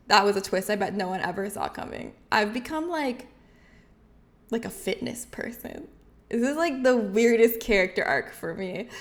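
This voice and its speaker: A woman streamer with a high, bright voice talks casually with her live chat. She is bubbly and chatty, laughing often as she reads messages aloud.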